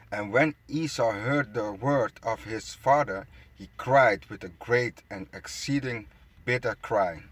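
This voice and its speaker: A man's voice: fairly low pitch, unhurried, a bit bright, husky, no room sound. A man reading scripture aloud and commenting on it, stumbling over words and adding mocking asides. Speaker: bible teacher. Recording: close dry phone screen recording.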